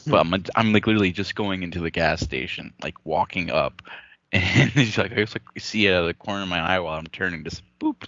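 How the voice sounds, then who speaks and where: A young man with a low voice that leaps around animatedly as he tells a story. He laughs often, swears and piles on "like". The recording is dry and close. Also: sing-song, moderate pace, fairly bright tone, no echo, highs cut off. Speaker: podcast co-host. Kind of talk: casual chat.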